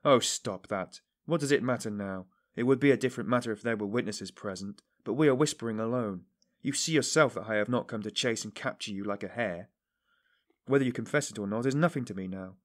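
Shrewd probing investigator, middle-aged, low and insistent, read by a man. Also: fairly quick, lightly acted. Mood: calm. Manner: insistent, animated, rising to emphasis. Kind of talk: audiobook character reading.

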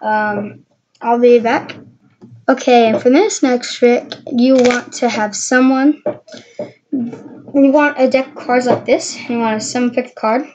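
A woman with a fairly high voice rambles through magic tricks in a casual, hesitant tutorial style. The recording sounds dull and lo-fi. A faint hiss runs underneath. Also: steady tone, slow pace, a little mellow.

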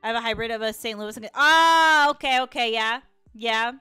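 Chatty chicago girl on stream, kinda high voice, laughs a ton, dry close sound, faint music behind. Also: little pitch movement, fast talker, sharp tone, clean tone, no echo. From Chicago, USA. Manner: chatty, laughs often, reacts to chat. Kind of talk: casual live-stream chat.

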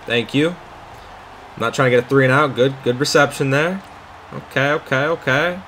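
A young man casually commentating his own football video game, swearing and shouting out loud at big plays. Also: medium pitch, steady tone, moderate pace, slight background noise. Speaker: gaming YouTuber. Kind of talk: live gameplay commentary.

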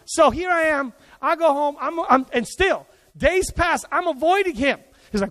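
A man preaching to his congregation with a very high-pitched voice. He tells his story in an animated way, acting out the voices of the people in it. The sound carries a long reverb from a large hall. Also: normal speed. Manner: animated, acts out quoted voices. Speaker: pastor. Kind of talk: sermon with storytelling. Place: church service.

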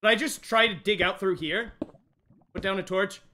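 A young man streaming a game live, jumpy and excitable, talking straight to his chat. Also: sits high, normal speed, a little hiss or hum. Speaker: gaming livestreamer. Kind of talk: live let's-play commentary.

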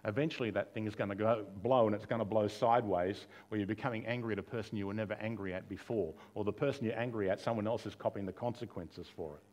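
A man's voice: on the low side, steady tone, fast, hardly any pauses, darkish tone. A male pastor preaching a sermon in a conversational way, with rhetorical questions, touches of humor and quoted dialogue that he acts out.

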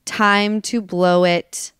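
A woman's voice: mid-range voice, little pitch movement, extremely slow, a bit bright, clear, resonant tone, dry recording, clean studio sound. A woman hosting a podcast in casual, candid chat, open and emotional, laughing often. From Los Angeles. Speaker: podcast host.

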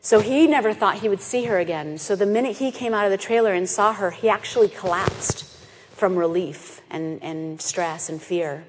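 A woman at mid pitch tells a story to a festival audience, lively and expressive, slipping into voices for the people in it. Her voice carries a long reverb from the hall around her. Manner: animated, acts out quoted voices. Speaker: animal sanctuary founder giving a talk. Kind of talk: storytelling presentation.

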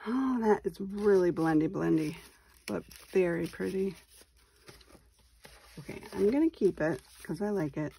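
A woman's voice: lowish voice, unhurried, creaky, pauses often, dark tone, slightly rough. A woman in her forties from Wisconsin, hosting a casual papercraft tutorial and chatting to herself as she works. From Wisconsin, USA. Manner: chatty, mutters to herself while working. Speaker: papercraft channel host. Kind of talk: casual craft tutorial chat.

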